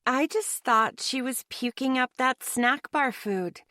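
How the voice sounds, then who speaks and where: Audiobook: woman reads bratty young woman, snappish, raised pitch. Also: takes it slowly, sharp tone, no echo, clean studio sound, heavily acted. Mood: snotty. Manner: snappish, snotty. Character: young woman, snotty and defensive.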